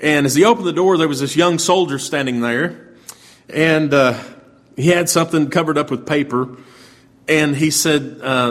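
A man's voice: a little high, normal speed. A man preaching, telling a story in a plain, folksy way. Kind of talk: sermon storytelling.

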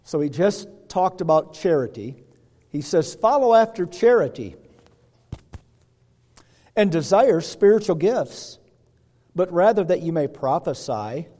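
A man preaching in a church with a fairly high, mellow voice. He talks in a folksy, conversational way, tossing asides to his listeners. The sound rings with a long reverb from the hall. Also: expressive, a little slow, pauses often. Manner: folksy, asks the congregation "Hello?". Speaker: pastor. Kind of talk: sermon. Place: church sanctuary.

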